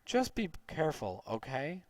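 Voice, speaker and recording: A man's voice: fairly high pitch, very animated, unhurried, darkish tone, dry recording. A man voicing a firm but kind male school guard in a read-aloud storybook. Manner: firm, warning.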